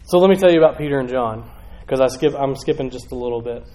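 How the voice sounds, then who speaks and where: A man's voice: mid-range voice, fast, warm tone, low-quality recording. A young man preaching a casual, conversational sermon from a church stage, rambling with many restarts and fillers.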